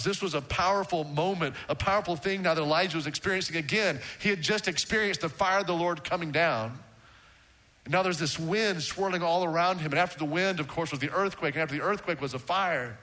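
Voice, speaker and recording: A man preaching a sermon to a congregation, swinging from raised emphatic lines to hushed low words. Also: brisk. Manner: rises in pitch for emphasis, drops to a hushed low tone. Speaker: pastor. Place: church sanctuary with congregation. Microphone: handheld or stand microphone.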